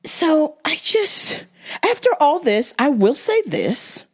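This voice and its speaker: Animated, profane woman ranting. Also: sits high, takes it slowly. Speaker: podcast host. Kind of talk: casual storytelling monologue.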